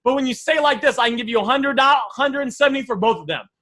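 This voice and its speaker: A man coaching a live class on sales offers, energetic and repetitive, often calling his listeners guys. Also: extremely high pitch, quick pace. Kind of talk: live online teaching session.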